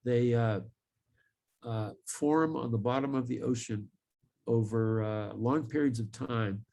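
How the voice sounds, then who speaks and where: Gravelly man giving a measured science talk. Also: mid-range voice, dark tone. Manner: measured, earnest, many pauses and fillers. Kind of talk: live educational talk.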